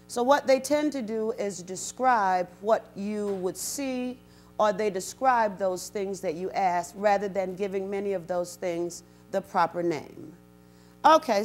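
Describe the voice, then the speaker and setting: A woman storyteller giving an animated talk to a university audience, acting out the people she quotes. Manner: animated, acts out quotes with big pitch jumps. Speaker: storyteller and guest speaker. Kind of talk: storytelling lecture. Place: university event, in front of an audience.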